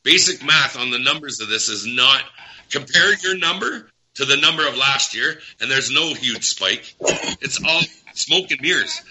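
A man's voice: mid-range voice, lively intonation, moderate pace, pushed and bright, husky, low-quality recording. A man talking in an agitated, emphatic way as a guest on a talk show, repeating his points. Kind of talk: heated talk show rant.

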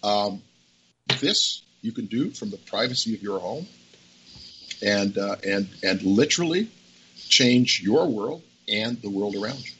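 Animated male talk show guest. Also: lowish voice, a little slow. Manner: animated storyteller, folksy sayings. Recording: dull audio with faint background noise.

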